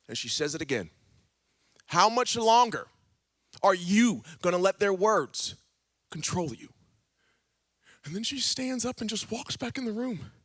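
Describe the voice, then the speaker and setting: A man telling a personal testimony in church, a dramatic storyteller who swings between hushed tones and shouting. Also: extremely high pitch, no room sound, studio quality. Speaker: guest speaker.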